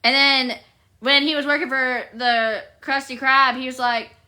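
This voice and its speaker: High bright giggly woman streamer. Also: steady tone, measured pace. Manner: playful and giggly, chatting with viewers. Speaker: live streamer. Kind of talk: casual live-stream chat.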